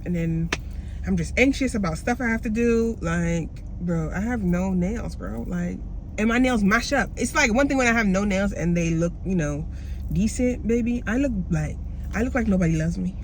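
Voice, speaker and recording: A young woman talking candidly in a casual vlog, slangy and expressive, swearing freely. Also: mid-range voice, moderate pace, a little hiss or hum, low-quality recording. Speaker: vlogger.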